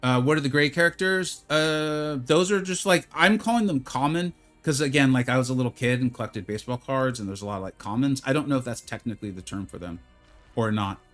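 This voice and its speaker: A man's voice: mid-range voice, brisk, fairly bright tone, faint music behind. Chatty man streaming a game live. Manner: chatty, self-deprecating, bursts into mock infomercial hype. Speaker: gaming streamer.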